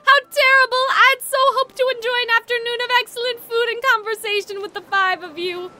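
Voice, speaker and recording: A woman's voice: extremely high pitch, steady tone, a little fast, pushed and bright, soft background music, exaggerated voice. A woman voicing a flamboyant young male student who speaks grandly and courtly, dropping French words. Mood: grandiose. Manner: theatrical, grand and flowery with French phrases.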